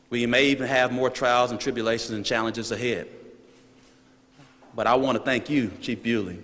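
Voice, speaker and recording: A man with a mid-pitched voice speaks as mayor at a press conference. His delivery is measured and formal, each phrase steady. The sound carries a long echo from a large hall. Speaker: city mayor. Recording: reverberant hall.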